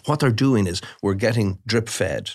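Irish man, middle-aged, very low voice, emphatic, many restarts. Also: a little slow. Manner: animated, emphatic with frequent restarts. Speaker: crime journalist guest. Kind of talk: podcast interview.

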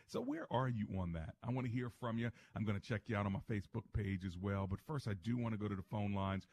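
Upbeat deep-voiced male radio host. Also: animated, fast, few pauses, darkish tone, slight background noise. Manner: upbeat, playful, asks many questions. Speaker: radio talk show host and pastor. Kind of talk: call-in radio talk.

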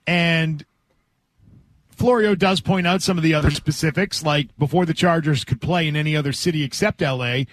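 A man's voice: fairly high pitch, moderate pace, a little hiss or hum. A man hosting a sports talk radio show, reading out quotes and then arguing his point. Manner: reads quotes aloud, then argues a point.

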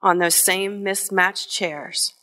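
A middle-aged woman from Northwest Ohio telling a personal story on stage, slow and deliberate with emotional pauses. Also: medium pitch, steady tone, sharp tone. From Northwest Ohio, USA. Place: theater stage before an audience.

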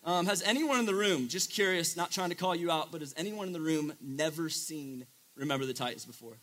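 A man's voice: a little high, fairly quick, fairly bright tone. A young man preaching a casual sermon to a live audience, chatty and joking with lots of filler words.

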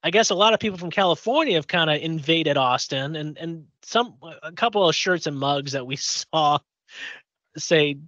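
A man's voice: a little high, moderate pace, a bit bright, dry recording. Podcast co-host, male, from Indiana, rambling casual storyteller, dry dull lo-fi sound. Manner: rambling storyteller, lots of fillers and restarts. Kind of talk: casual chat.

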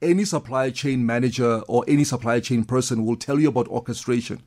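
A man's voice: medium pitch, brisk, darkish tone. Enthusiastic man explaining. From South Africa. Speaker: guest expert. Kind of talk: conversational interview.

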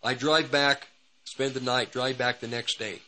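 A man's voice: medium pitch, fairly even intonation, a little slow, sharp tone, rough recording. A man hosting a radio ministry program, telling a personal testimony in a rambling, repetitive way. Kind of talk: testimony storytelling.

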